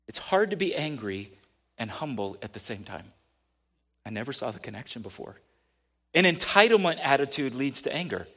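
A man's voice: mid-range voice, sing-song, normal speed, pushed and bright, husky. A man preaching a sermon in a conversational way, building to emphatic peaks. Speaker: pastor.

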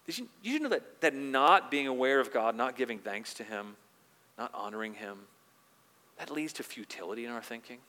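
A male pastor preaching a sermon with earnest conviction. His voice is bright and forceful. He grows loud when quoting scripture and drops soft on reflective points, all in a long-reverb hall. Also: mid-range voice, animated, brisk.

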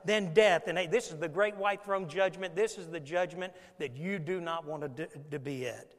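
A man with a fairly high pitch preaches at a moderate pace, recorded with long hall reverb. As pastor, he tells stories, acts them out and asks the congregation questions along the way.

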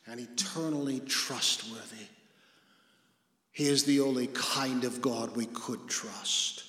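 Male pastor, slow deliberate sermon delivery, earnest with hushed emphasis, long hall reverb. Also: mid-range voice, fairly even intonation. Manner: earnest preaching, dropping to a hush for emphasis.

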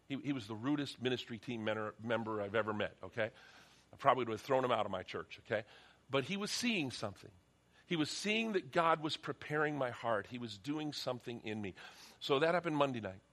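A man's voice: medium pitch, moderate pace, a bit bright. A middle-aged man preaching a sermon in a church, earnest, often repeating words as he starts a sentence, then leading a prayer. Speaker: pastor. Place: church sanctuary.

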